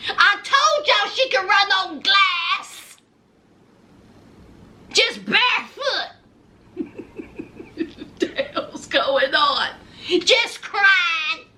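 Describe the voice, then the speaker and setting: A woman with a Southern twang giving a sassy, animated recap of a reality TV show, calling her viewers honey and baby. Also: very high voice, extremely slow, long pauses. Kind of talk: casual recap commentary.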